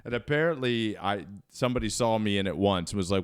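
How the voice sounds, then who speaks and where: A man's voice: fairly low pitch, fast talker, clear, resonant tone, dry recording, studio quality. A man in his thirties from Baltimore, a podcast guest telling a rambling, self-deprecating story with many fillers. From Baltimore, Maryland. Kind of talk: casual storytelling.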